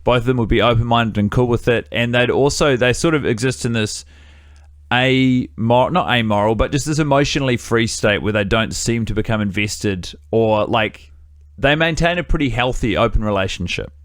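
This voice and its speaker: A man's voice: medium pitch, normal speed, no echo, studio quality. A man hosting a podcast, recapping a film in a rambling, profane, comedic way. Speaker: podcast host. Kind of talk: casual film-review chat.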